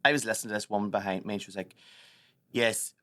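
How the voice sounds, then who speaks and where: A woman's voice: extremely low pitch, rapid-fire. A woman co-hosting a podcast, telling comic stories in casual chat and slipping into mimicked voices. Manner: animated storyteller who slips into mimicked voices. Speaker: podcast co-host.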